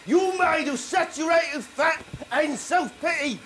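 A man voicing a foul-mouthed male baboon puppet who shouts crude insults in streetwise slang. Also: extremely high pitch, slow pace, a little hiss or hum, exaggerated voice. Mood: abusive.

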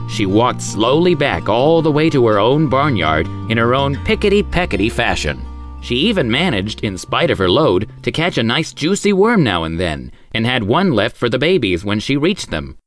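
Guy reading a kids' story, super sing-songy, medium voice, faint music under it. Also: medium pitch. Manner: expressive, sing-song reading. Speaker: storyteller host. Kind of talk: children's story narration.

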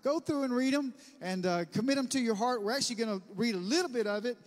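A man, preaching a sermon as pastor and telling stories in an animated way, calling the congregation for amens. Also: extremely high pitch, fast. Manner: animated storytelling, bursts of loud laughter; preacher who calls for amens. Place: church sanctuary. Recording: long church-hall reverb.

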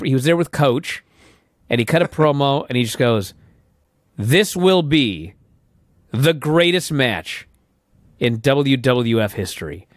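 A man in his late thirties co-hosting a podcast, telling stories in an animated, profane way and acting out what others said. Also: mid-range voice, dry recording, studio quality. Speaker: podcast co-host. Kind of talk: casual chat.

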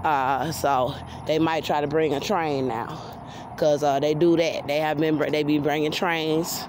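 A woman's voice: low voice, steady tone, a little slow, background noise. A woman giving a blunt, outspoken personal testimony while walking on an outdoor trail, recorded on a handheld phone. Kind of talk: casual spoken testimony. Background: passing vehicles and outdoor ambience.

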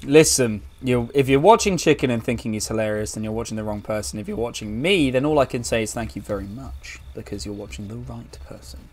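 A man's voice: medium pitch, a little fast, darkish tone, slight background noise. A man streaming a game with a friend, teasing and laughing as he plays. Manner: teasing, playful, laughs often. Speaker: gaming streamer. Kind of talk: casual banter while playing.

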